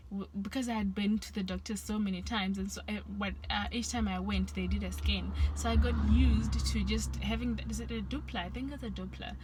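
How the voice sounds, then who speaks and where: Young woman, vlog to camera, soft halting delivery, medium pitch, faint background hiss. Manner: soft-spoken, halting, with many restarts and sighs. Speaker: vlogger. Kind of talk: personal storytelling to camera.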